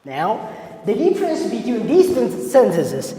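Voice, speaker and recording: Slow, deliberate male teacher in an echoey room. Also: very high voice, huge pitch swings, warm tone, a little hiss or hum. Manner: slow, deliberate, repeating key words for students. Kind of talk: classroom grammar lesson. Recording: echoey room with long reverb and faint ambience.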